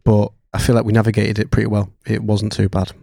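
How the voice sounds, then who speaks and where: A man's voice: lowish voice, completely flat delivery, fast, gravelly, dark tone, no room sound. A man hosting a podcast in a studio, chatty and casual, swearing now and then. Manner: chatty, swears casually, acts out his inner voice. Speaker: podcast host. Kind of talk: casual interview chat.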